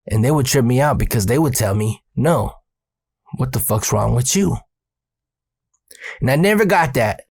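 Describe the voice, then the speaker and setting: A man recounts a story from his working days in loose, streetwise talk full of swearing. His voice sits at an ordinary middle pitch. The recording is dry and close, with no room sound. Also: no room sound. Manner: profane, streetwise, conversational. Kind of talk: casual personal storytelling.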